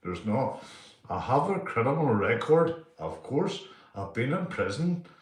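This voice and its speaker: A man's voice: medium pitch, very animated, unhurried, echoey room, recorded from a distance. A man of about fifty-five with a Northern Irish accent, chatting casually on a livestream, rambling, swearing and repeating himself. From Northern Ireland. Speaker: livestream host. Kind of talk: casual live chat reading comments.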